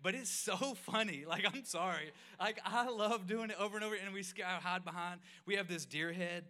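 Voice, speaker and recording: A man in his thirties preaching, telling animated, self-mocking stories with sudden loud exclamations. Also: high-pitched, a little fast. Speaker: pastor. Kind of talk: storytelling sermon.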